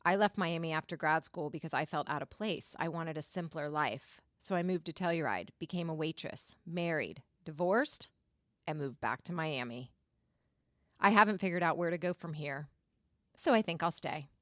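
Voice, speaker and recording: A woman hosting a writing-class radio episode, narrating her own story in a calm, reflective way. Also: low-pitched, normal speed, no room sound, studio quality. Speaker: episode host.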